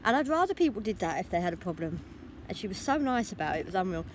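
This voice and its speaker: A woman's voice: on the low side, lively intonation, a little mellow. Tired young woman, rambling vlog chat to her phone on a walk, faint traffic behind. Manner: rambling, talks without pausing to think. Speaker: vlogger. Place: outdoors on a street, walking.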